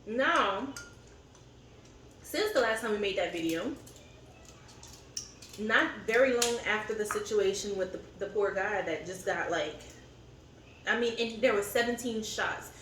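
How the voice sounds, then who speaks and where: A woman's voice: medium pitch, lively intonation, measured pace, long pauses, a bit bright, slight background noise. Woman, casual chat co-host, candid and rambling; off-mic in an echoey room. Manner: candid, venting, rambling with fillers. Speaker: co-host of a family eating channel. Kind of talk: casual chat over a meal. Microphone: camera set up at a distance. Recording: roomy echo, distant mic, faint ambience.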